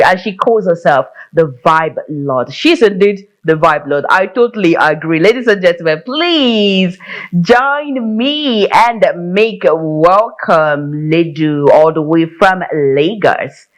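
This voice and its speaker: Lively woman hosting a talk show. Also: fairly low pitch. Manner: lively, often laughing, effusive welcomes. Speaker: TV show host. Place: TV studio.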